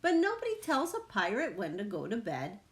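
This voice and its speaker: A woman reading a children's picture book aloud, with slow, expressive storytelling. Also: medium pitch. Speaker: reader.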